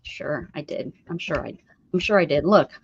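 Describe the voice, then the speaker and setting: A woman with a low, gravelly, husky voice speaks at normal speed as she hosts a craft livestream. She chats casually and laughs often with viewers, greeting them by name, and the audio is dull and lo-fi.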